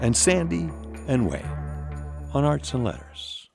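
Lively-voiced male radio host. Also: medium pitch, a little slow, vocal fry, music in the background. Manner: polished, announcer-like. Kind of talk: public radio interview.

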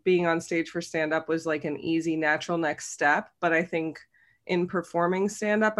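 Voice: medium pitch, fairly bright tone. Chatty, laughing comedy writer from Cincinnati. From Cincinnati, United States. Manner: chatty and self-deprecating, with frequent ums and laughs. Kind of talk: casual interview answers.

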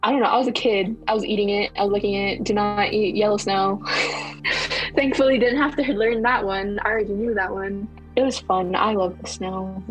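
A woman's voice: medium pitch, steady tone, soft background music, poor audio. A young woman from Hawaii with a Hawaiian accent, a university student talking candidly in a casual interview and laughing easily. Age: young adult. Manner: chatty and candid, laughs easily, quick bursts.

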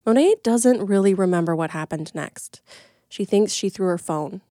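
A woman reporter giving measured, scripted narration in a plain storytelling manner. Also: medium pitch, lively intonation, dark tone, no echo, studio quality. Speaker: radio reporter.

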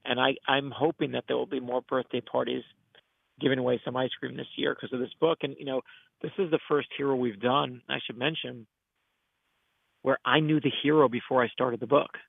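Gravelly man talking over a phone line. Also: mid-range voice, a little fast, no echo. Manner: earnest, animated storyteller acting out quotes. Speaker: author and guest. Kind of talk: casual interview storytelling.

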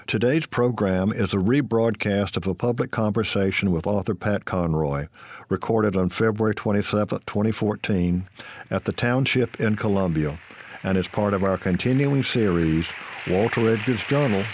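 A man hosting a radio program, introducing the episode and interviewing a guest in a measured, formal way. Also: on the low side. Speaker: radio show host and interviewer.

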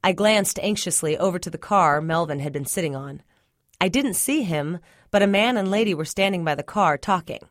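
A woman reading a short story aloud in a measured first-person narration. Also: fairly low pitch, expressive, no echo, studio quality. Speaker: story reader.

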